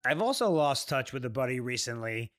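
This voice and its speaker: A man from New York co-hosting a casual podcast, animated and quick to get riled up. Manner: animated, jumps up in pitch when riled up. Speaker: podcast co-host. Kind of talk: casual chat.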